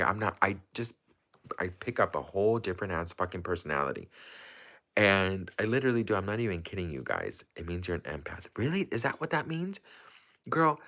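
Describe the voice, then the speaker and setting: A man's voice: low voice, a bit bright. A man hosting a casual livestream, rambling through viewer questions with lots of fillers and restarts. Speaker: livestream host. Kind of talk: casual livestream chat, answering viewer comments.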